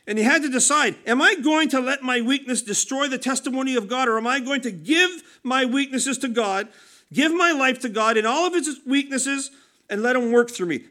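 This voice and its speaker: A man's voice: very high-pitched, sharp tone. A man preaching a conversational sermon, earnest and emphatic, often restarting his sentences.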